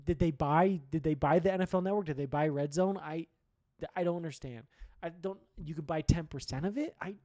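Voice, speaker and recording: A man with a slightly high voice runs a solo sports rant, blunt and opinionated, swearing freely as he rambles from one take to the next. He is recorded close on a dry mic with no room sound. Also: a little fast, dark tone, no room sound. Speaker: sports podcast host.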